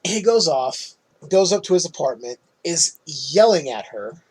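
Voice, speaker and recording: A man hosting a podcast, casually recapping a film's plot in an animated way and laughing often. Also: a little high, breathy edge, rough recording. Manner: animated retelling, quick laughs. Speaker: podcast host.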